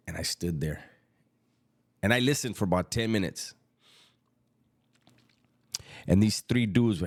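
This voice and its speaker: A middle-aged man, telling a story about prison in casual street slang, unhurried and reflective. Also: fairly low pitch.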